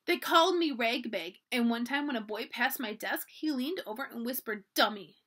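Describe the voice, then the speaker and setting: A woman reading aloud as a shy, frightened poor girl of nine who speaks slowly through tears. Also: fairly high pitch, animated, fairly bright tone. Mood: upset. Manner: tearful, slow, halting.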